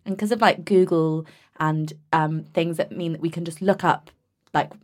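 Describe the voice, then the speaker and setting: A woman hosting a podcast, talking casually and quickly with strong opinions and some swearing. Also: low voice, steady tone, darkish tone. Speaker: podcast host.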